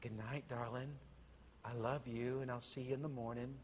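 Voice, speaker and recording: A preacher putting on a frail old mother on her deathbed, hushed and gentle, her words held low and quiet. The voice rings out in a long church-hall reverb. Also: steady tone, normal speed, a little hiss or hum, lightly acted. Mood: tender. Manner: soft, hushed and tender. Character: dying elderly mother, tender and calm.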